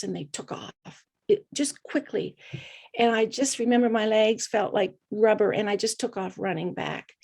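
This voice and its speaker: A middle-aged woman, her voice a bit high, creaky, and darkish in tone, tells her own story as a podcast guest. She is earnest and reflective, frequently pausing on small, hesitant fillers.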